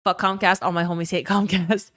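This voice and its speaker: A woman's voice: on the low side, little pitch movement, a little fast, a bit bright. A young woman streamer in casual chat, ranting with plenty of swearing and reading chat messages aloud. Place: her own emptied bedroom.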